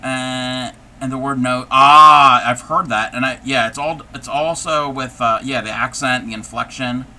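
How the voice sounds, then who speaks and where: Male craft streamer, very bright, sharp tone, thinks aloud while working, faint AC hum behind. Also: medium pitch, fairly even intonation, normal speed, few pauses. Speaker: live-stream host. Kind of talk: casual live-stream chat while crafting.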